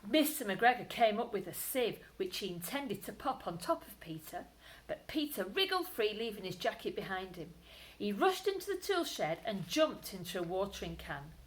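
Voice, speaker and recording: A woman, a primary school teacher, reading a bedtime story aloud to children, expressive, with whispered asides. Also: medium pitch, slight background noise, poor audio.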